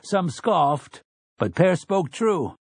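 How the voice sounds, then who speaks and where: A man's voice: high voice, big pitch swings, slow pace, slightly rough, dry recording, studio quality, pitched above the performer's own voice, heavily acted. A man voicing an earnest farmer father who addresses his town in solemn, plain country speech.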